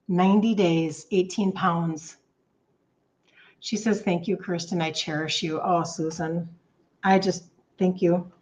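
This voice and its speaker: A woman in her fifties, a health coach chatting warmly and excitedly with viewers on a live stream, reading out their comments. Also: fairly low pitch. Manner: bubbly, gushing, reads out viewer comments. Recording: slightly dull lo-fi stream audio.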